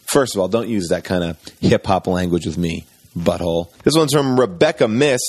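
A man's voice: expressive, normal speed, darkish tone, dry recording. A man hosting a comedic question-and-answer segment, joking and sarcastic, reading out listener questions and mangling their names. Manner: joking, sarcastic, with sudden swings of pitch. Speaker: podcast host.

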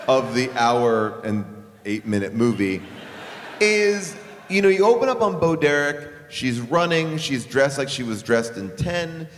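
A man's voice: on the high side, fairly bright tone. A man co-hosting a casual comedy chat, sarcastic and emphatic. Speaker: podcast co-host. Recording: echoey room with long reverb.

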